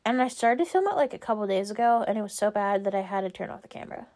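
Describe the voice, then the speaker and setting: A young woman hosts a casual solo podcast, rambling at a racing clip in a mid-range, slightly mellow voice with lively intonation. Her speech is heavy with fillers, especially "like" and "um".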